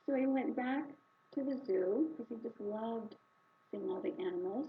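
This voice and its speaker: A woman telling a story during a spiritual service in an animated, conversational way. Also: on the high side, normal speed, gravelly. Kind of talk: sermon storytelling. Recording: slightly dull recording with faint hiss.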